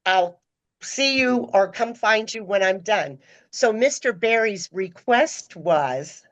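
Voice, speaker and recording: A middle-aged woman, a podcast guest, telling stories in a casual, animated way and acting out the people she quotes. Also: slow pace, muffled recording. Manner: animated, acts out quoted voices with pitch jumps. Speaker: podcast guest, former personal assistant. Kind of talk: casual storytelling.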